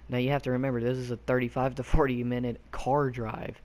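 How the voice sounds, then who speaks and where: A man's voice: medium pitch, level tone, a little fast, a little mellow. A young man from Arkansas telling a childhood story casually, rambling with lots of fillers and loose slang. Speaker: YouTube storyteller.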